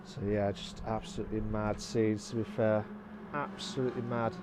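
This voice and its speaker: A man commenting live on a sim race, excitable and repeating phrases, breaking into shouts. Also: lowish voice, moderate pace, background noise.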